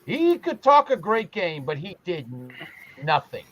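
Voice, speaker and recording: Blunt, ranting man, fairly high voice. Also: huge pitch swings, measured pace, fairly bright tone. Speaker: panelist. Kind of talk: heated political chat. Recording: dry, muffled lo-fi sound.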